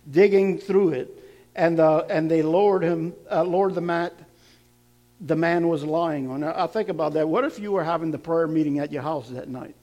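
A man's voice: a little high, warm tone. A man preaching a sermon, laughing now and then and building up to emphatic, repeated lines.

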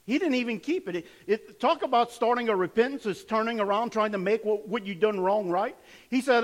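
A man preaching a sermon, retelling scripture dramatically and swinging between loud emphasis and quiet intensity. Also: sits high, brisk. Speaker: pastor.

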